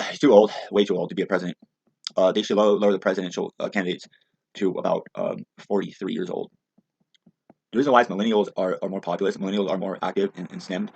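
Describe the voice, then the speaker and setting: A man's voice: sits low, gravelly, breathy edge, no echo. A man ranting angrily in a rambling, profane, agitated way, in a muffled lo-fi recording. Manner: agitated, rambling, heavy swearing. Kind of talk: angry profane rant. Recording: muffled lo-fi with faint hiss.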